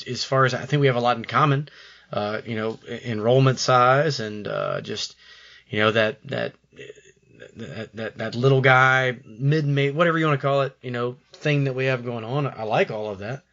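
A man's voice: medium pitch, moderate pace, fairly bright tone, dull audio. A man co-hosting a podcast, talking casually about college sports in rambling sentences with frequent stammered restarts. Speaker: podcast co-host.

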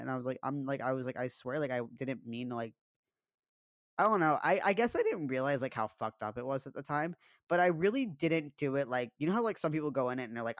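A young podcast co-host with a medium-pitched, slightly bright voice speaks at a moderate pace with lively intonation, and the recording has no echo. His personal story comes out casual and confessional, packed with fillers and swearing.

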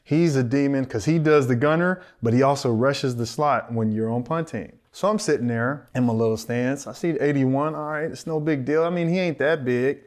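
A man in his thirties, a podcast co-host and former football player, telling an animated story, acting out the voices of the people in it and laughing often. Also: medium pitch, moderate pace, hardly any pauses.

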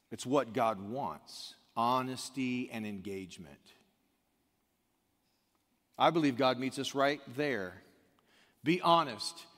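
A man preaching a conversational sermon in a slightly higher register. He drops to quiet, low asides, then rises suddenly to loud, emphatic questions. A long hall reverb trails behind his voice. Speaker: pastor.

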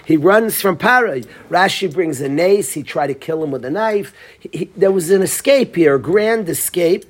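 A man's voice: sits high, lively intonation, moderate pace. A man teaching a Torah class, telling a story and quizzing his students by name.

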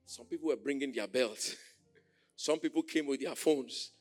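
A man preaching a sermon as pastor, animated, often shouting and laughing as he mimics others. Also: mid-range voice, measured pace, faint music behind.

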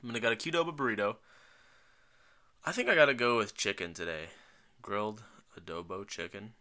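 A man's voice: on the low side, a little fast, sharp tone. A young man co-hosting a podcast in casual chat, joking and thinking aloud as he orders food. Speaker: podcast co-host.

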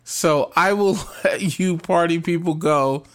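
A man hosting a podcast, ranting casually in an animated, profane, self-deprecating way. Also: on the high side, slow pace. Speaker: podcast host. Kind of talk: casual solo rant.

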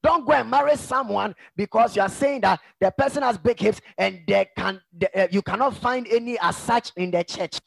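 A middle-aged male pastor preaching a sermon with emphatic swings from hushed asides to shouts, in a gravelly voice. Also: sits high, normal speed, hardly any pauses, no echo.

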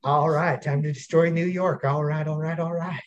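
A lazy drawling film-star voice, a man putting it on as a joke, slow and smug. The voice sits a bit high for a man. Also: fairly even intonation, highs cut off, lightly acted. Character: laid-back Texan movie star drawling a catchphrase.

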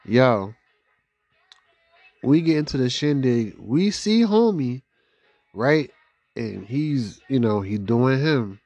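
A young man hosting a casual vlog, telling a story in profane street slang with lively, animated delivery. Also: takes it slowly, long pauses, dry recording, highs cut off. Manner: animated, profane street slang, big rises in pitch for quoted reactions. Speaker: vlog host.

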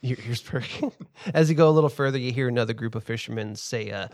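A man narrating a tabletop game as game master, describing scenes in a relaxed second-person way. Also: medium pitch, fast talker.

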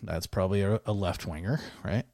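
A man's voice: sits low, a little fast, darkish tone, no room sound. A man co-hosting a casual chat, reading headlines aloud with frequent laughs and mocking asides. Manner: laughs often, mocking, rambling. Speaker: co-host.

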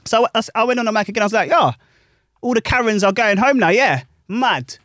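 A young man, a club DJ telling animated stories in casual chat full of slang. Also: sits high, brisk, no room sound, clean studio sound. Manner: animated, laughing anecdotes with British slang.

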